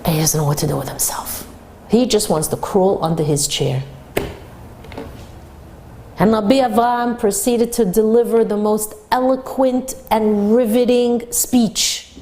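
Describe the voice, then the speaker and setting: A woman teaching a Torah class for women, retelling a story with animated, dramatic delivery. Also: mid-range voice, measured pace, a little hiss or hum.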